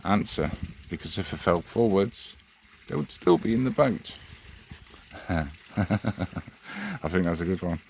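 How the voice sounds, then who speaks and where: A man hosting his own channel gives a casual vlog address in a low, very animated voice, talking slowly with frequent pauses. Slight background noise is audible, and his chat is rambling and friendly.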